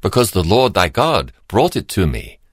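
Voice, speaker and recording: A man's voice: deep voice, huge pitch swings, normal speed, no room sound, studio quality, full character voice. A man voicing an anxious younger son, earnest and uneasy as he deceives his father.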